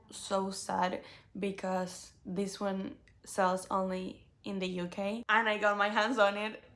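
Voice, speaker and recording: Young female book vlogger, mid-pitch, gravelly fry, chatty and effusive. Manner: gushing, animated, with many "like" fillers. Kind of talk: casual book tag chat.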